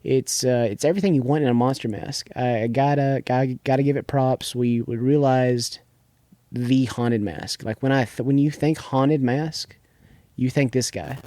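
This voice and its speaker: A man's voice: mid-range voice, normal speed, mellow, dry recording, studio quality. A young man co-hosting a podcast, casually recapping a TV episode in a rambling way, restarting often and leaning on filler words. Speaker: podcast co-host.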